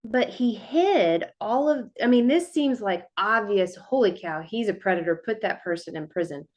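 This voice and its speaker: A woman's voice: medium pitch, expressive, normal speed. Woman host reacting briefly in an interview. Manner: short affirming interjections. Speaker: podcast host.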